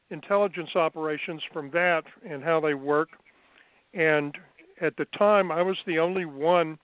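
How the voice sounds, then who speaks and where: Guy guesting on an interview, clear smooth voice, measured with lots of ums, dry phone-line sound. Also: on the high side, no echo. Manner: unhurried, measured, with fillers. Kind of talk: remote interview, recounting experiences.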